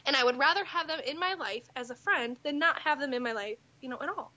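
Twenties woman, bright and sharp, casual swearing storyteller. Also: high voice, expressive, fast, highs cut off. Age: 20s. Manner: profane, sarcastic storytelling. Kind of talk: casual chat.

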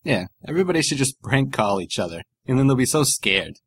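A man's voice: mid-range voice, very animated, fairly quick, husky, no room sound. A man rambling through a comedy podcast, swearing and joking with loose filler words. His voice sits in the middle range and is recorded close and dry, with no room sound. He keeps the talk loose and irreverent. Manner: rambling, profane, jokey, many fillers. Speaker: podcast co-host. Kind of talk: casual comedic chat.

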